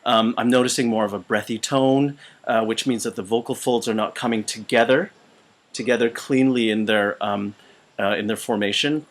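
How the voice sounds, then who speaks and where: A man teaching voice, speaking with a weakened, out-of-shape voice in a halting way full of fillers and restarts. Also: mid-range voice, steady tone. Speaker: voice teacher and choir conductor. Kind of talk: casual instructional video. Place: small retreat room.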